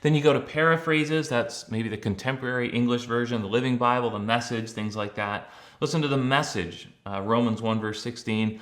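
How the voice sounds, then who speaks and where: Relaxed male explainer, mid-pitched voice, conversational teaching talk with fillers. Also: fairly quick. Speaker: Christian blogger and teacher. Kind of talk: casual explanatory talk to camera.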